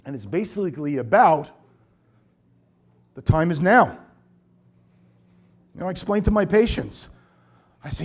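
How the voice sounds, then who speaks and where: A middle-aged man, a chiropractor, giving a seminar talk to colleagues, telling lively stories and acting out the voices of the people he quotes. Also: on the high side, a little slow, pauses often, husky. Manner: lively storyteller who acts out quoted voices.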